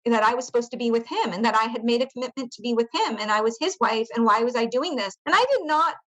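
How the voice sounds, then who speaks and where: A woman with a slightly high voice talks through her own past as a podcast interview guest. She is earnest and searching, often restarting sentences and filling gaps with small verbal fillers. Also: fast talker, fairly bright tone, poor audio. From United States. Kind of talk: personal storytelling in an interview.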